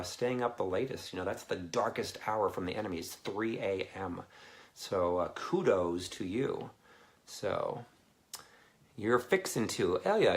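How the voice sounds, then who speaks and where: A man from Canada with a lowish, gravelly voice hosts a casual livestream. He rambles in a chatty way and greets viewers by name, peppering his talk with fillers. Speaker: deliverance minister and livestream host.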